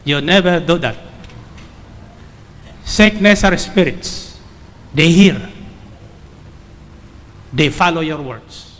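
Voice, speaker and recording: A middle-aged man preaches in a high voice with an unhurried, drawn-out delivery. He tells a story and keeps asking the crowd for an "Amen?". A long reverb trails off each phrase in a big hall. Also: animated, a bit bright. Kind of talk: sermon.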